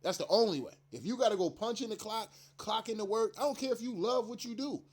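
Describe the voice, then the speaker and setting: Profane, slangy high-voiced male ranter. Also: fast. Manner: slangy, emphatic, rambling with frequent restarts and laughs. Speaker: commentary channel host. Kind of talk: casual profane rant to camera.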